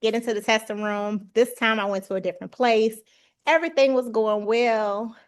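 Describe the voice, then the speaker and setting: A woman with a slightly high voice tells a long story over a video call. Her delivery is animated and emphatic, and she slips into other people's voices as she quotes them. The tone is casual and chatty. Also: moderate pace, clean tone. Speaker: guest sharing her exam success.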